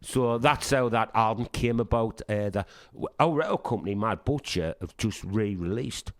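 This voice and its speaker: A middle-aged man with a Sunderland accent chats through his band's history in a casual interview. His voice sits a little low and sounds close and dry, with no room around it. He brings his stories to life by acting out what others said and swears freely along the way. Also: normal speed, no room sound. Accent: Northeast English (Sunderland). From Sunderland, England. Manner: lively anecdotes, acts out quoted dialogue, swears freely. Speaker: punk band singer, guest.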